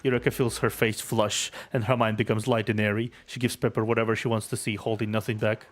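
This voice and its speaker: A man streaming a game, reading its story aloud in steady narration with offhand asides. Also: fairly low pitch, fast.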